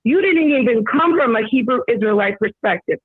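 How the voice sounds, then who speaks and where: Husky woman over a tinny phone line. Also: a little high, animated, brisk, no echo. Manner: indignant, lecturing. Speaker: debate guest. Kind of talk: heated debate.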